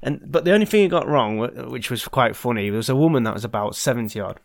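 A podcast host tells a story in a casual chat, rambling and hesitant, full of ums and restarts, with the odd swear word. His medium-pitched voice is expressive, quick and gravelly, and the recording is dry with clean studio sound.

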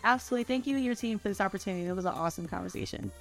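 A healthcare executive in her thirties chats as an interview guest, friendly and conversational, saying "like" often. Her mid-range voice races along with vocal fry. Soft music plays in the background.

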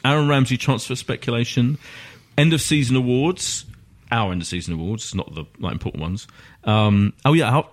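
A man hosting a casual podcast, running through the show's topics in a chatty, rambling way. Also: lowish voice. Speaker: podcast host.

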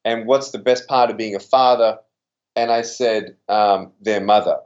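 A man's voice: mid-range voice, steady tone, a little slow, dull audio. A man with a slightly Americanized Australian accent, speaking earnestly and with animation as an interview guest. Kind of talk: interview conversation.

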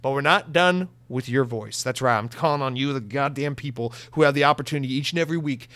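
A man hosting a casual comedic podcast, talking in a sarcastic, profane, animated way. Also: mid-range voice, quick pace, no echo. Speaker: podcast host.

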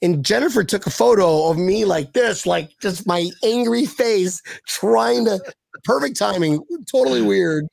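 A man's voice: high-pitched, animated, a little slow, gravelly, a little mellow, no echo. An American man hosting a podcast, telling rowdy stories in casual chat with swearing and laughter. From United States. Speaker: podcast host.

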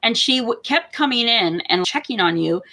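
A woman's voice: a little high, normal speed, gravelly, poor audio. A woman co-hosting a podcast in casual chat, telling a story with lots of laughter and acted-out quotes. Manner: animated storyteller, laughing often, acts out quotes. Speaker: podcast co-host.

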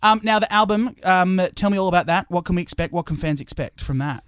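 A radio host with an Australian accent, asking questions in a quick, chatty, playful way. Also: mid-range voice, a bit bright, clean tone, dry recording, studio quality. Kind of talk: casual radio interview.

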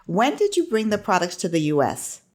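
A woman's voice: mid-range voice, huge pitch swings, fairly quick, a little mellow. A woman hosting an interview, asking brief, encouraging questions. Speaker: podcast host.

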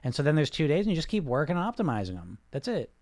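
Guy doing a live podcast, kinda high voice, rambles, lots of "you know", talks right at you. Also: sing-song, racing, darkish tone. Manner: rambling, emphatic, talks straight to listeners; frequent restarts and "you know". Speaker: podcast host reading live comments. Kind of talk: live-streamed casual podcast talk.

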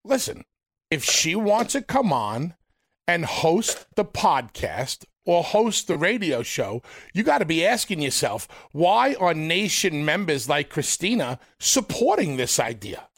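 A man co-hosting a radio show, goading his partner in a rapid-fire pep talk. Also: a little high, big pitch swings, a bit bright, dry recording, clean studio sound. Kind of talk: heated on-air argument.

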